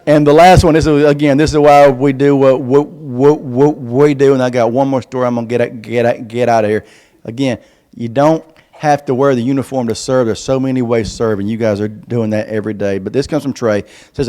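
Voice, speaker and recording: A man's voice: medium pitch, steady tone, brisk, mellow. A man with a stutter, giving a folksy, self-deprecating comic speech as a veteran guest speaker. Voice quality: stutters on some words.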